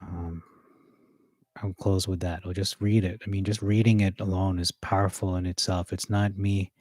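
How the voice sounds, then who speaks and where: A man with a deep, low voice rehearses a sermon, reading verses aloud between hesitant fillers and self-corrections. The sound is dry and close, with no room echo. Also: level tone, normal speed, a little mellow. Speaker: preacher.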